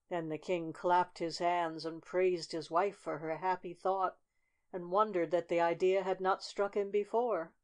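A woman narrating a fairy tale audiobook in a steady, measured storytelling manner. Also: fairly low pitch.

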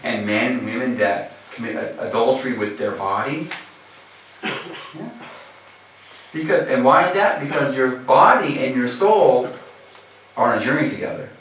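A man's voice: medium pitch, animated, normal speed, long pauses, fairly bright tone, a little hiss or hum. Casual American male preacher, recorded far off in a very echoey hall. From USA. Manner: casual, chatty, heavy use of filler phrases. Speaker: Muslim preacher. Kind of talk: sermon.

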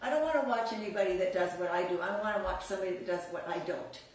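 A woman's voice: mid-range voice, animated, very fast. Upbeat woman teaching dance, echoey and distant. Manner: upbeat, chatty, laughs often. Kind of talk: live online dance class.

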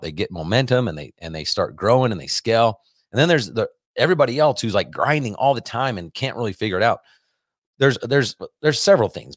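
A man who hosts a business podcast and works as a business coach delivers a casual, energetic monologue, often repeating himself. His voice is lowish, recorded in studio quality with no echo.

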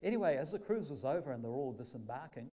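A male pastor with a New Zealand accent preaching a sermon, telling stories and acting out quotes in a lively way. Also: mid-range voice, fast, poor audio.

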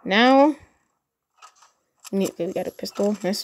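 A woman giving excited gameplay commentary, cheering and shouting encouragement at her teammate. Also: medium pitch, moderate pace, noisy background. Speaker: gaming channel host.

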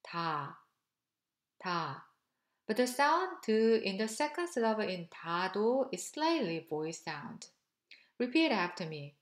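A woman teaching pronunciation, speaking slowly and deliberately and repeating syllables for learners to copy. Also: medium pitch, reverberant. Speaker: language teacher. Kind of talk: pronunciation drill lesson.

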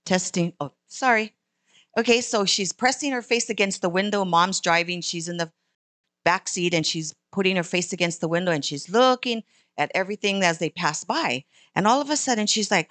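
A woman telling a children's story in church, with a lively, animated manner. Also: medium pitch, fairly quick, dry recording.

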